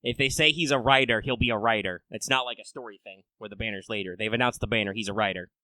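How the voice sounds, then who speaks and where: A man hosting a casual podcast, rambling and swearing, swinging between loud rants and low mutters. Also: quick pace, dry recording, poor audio. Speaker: podcast host.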